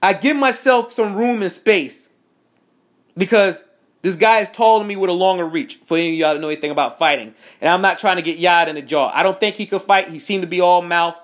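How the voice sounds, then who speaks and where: A man's voice: high voice, a little fast. Heated, profane man telling a story. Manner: heated, profane, animated retelling with quoted dialogue. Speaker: veteran recounting an incident. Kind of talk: angry first-person account to camera.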